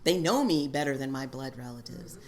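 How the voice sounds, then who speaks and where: A woman's voice: extremely low pitch, animated, fairly quick, a little mellow. A woman sharing at a recovery meeting, telling a story and laughing as she goes. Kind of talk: personal sharing.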